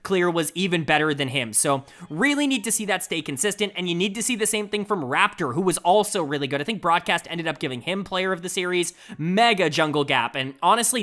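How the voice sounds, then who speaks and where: Fast, bright-voiced opinionated esports analyst. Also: male voice, high-pitched. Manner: emphatic and opinionated, rapid-fire delivery. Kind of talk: solo esports analysis video.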